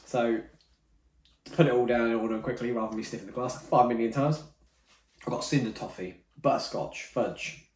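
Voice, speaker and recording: A man's voice: medium pitch, fairly even intonation, moderate pace, darkish tone. Chatty man reviewing whisky. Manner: rambling, self-correcting, chatty. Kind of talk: casual tasting-notes chat. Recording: roomy, mic at some distance.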